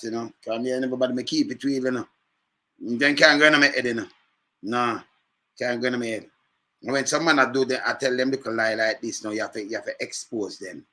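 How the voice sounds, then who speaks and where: A man chatting casually in patois, telling animated stories with lively jumps in pitch. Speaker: speaker in a reggae scene video.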